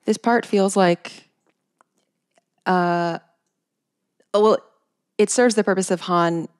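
A woman's voice: medium pitch, slow pace, a little mellow, clean tone. A woman hosting a podcast, chatting in a thoughtful, casual way with many fillers. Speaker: podcast host. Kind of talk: casual chat.

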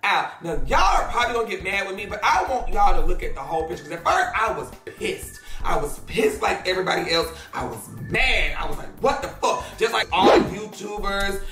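A woman hosting a gossip commentary show, telling the story in a blunt, profane, animated way. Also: mid-range voice, brisk, few pauses, echoey room, music in the background. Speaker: host.

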